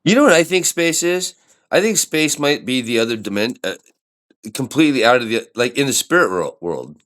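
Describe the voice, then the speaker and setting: A man's voice: medium pitch, sing-song, fairly quick, a bit bright. A man co-hosting a podcast, joking and rambling through casual chat. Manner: joking, rambling, goofing around. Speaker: podcast co-host.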